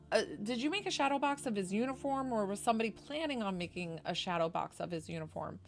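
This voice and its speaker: Effusive woman medium, low-leaning voice, live-stream reading, faint music underneath. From New York. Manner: chatty, effusive and animated. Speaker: psychic medium.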